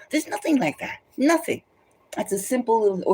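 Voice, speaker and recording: Husky, mellow, animated tarot reader. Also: medium pitch, normal speed. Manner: emphatic, repeats phrases for stress; loose and conversational, many restarts. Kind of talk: rambling spoken commentary.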